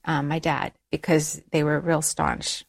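A middle-aged woman telling a personal story as an interview guest, lively, raising her voice when she quotes people. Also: deep voice, measured pace, gravelly. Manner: animated storytelling, acts out quoted dialogue in a raised voice. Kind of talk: personal conversion story in conversation.

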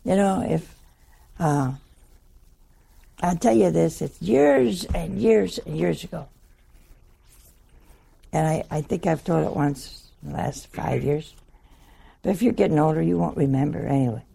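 A woman's voice: low voice, normal speed, vocal fry, long pauses, dark tone, husky. An older woman, a nun, telling a funny story in a wry, folksy, chuckling way. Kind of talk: humorous anecdotal storytelling talk.

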